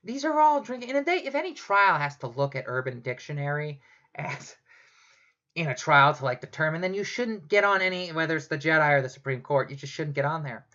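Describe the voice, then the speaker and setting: A woman's voice: deep voice, expressive, brisk, a bit bright. A woman doing a profane, rambling comedic rant monologue, full of sarcasm. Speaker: comedic ranter, show host. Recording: dull lo-fi home recording.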